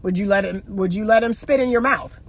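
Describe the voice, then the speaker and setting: A middle-aged woman speaks straight to her viewers as a relationship coach, in a blunt monologue. She lectures emphatically and drives her points home by asking the same pointed question again and again. Her voice sits at an ordinary pitch for a woman. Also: a little fast, husky. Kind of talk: opinionated monologue to camera.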